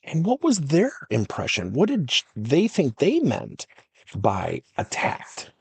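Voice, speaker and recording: A man's voice: on the high side, slow, vocal fry, husky, no echo. A middle-aged man, a workplace coach and podcast host, telling stories and acting out the dialogue. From United States. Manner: animated, acts out dialogue in stories. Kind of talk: storytelling coaching talk.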